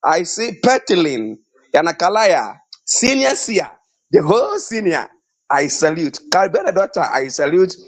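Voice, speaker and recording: A man's voice: high-pitched, huge pitch swings, a little slow, no echo. A man on a live online show, greeting viewers one by one by name and laughing often, talking over a phone line with a weak network. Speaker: show correspondent.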